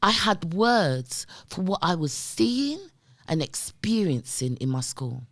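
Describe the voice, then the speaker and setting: A middle-aged woman speaks as a podcast guest in a low-set but very lively voice that rises and falls freely. She tells her stories emphatically and keeps checking in with her listener. The sound is close and dry. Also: slow, dry recording. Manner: emphatic, animated, often addresses the listener with "right?" and "yeah?". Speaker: guest, community development worker. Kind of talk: conversational storytelling.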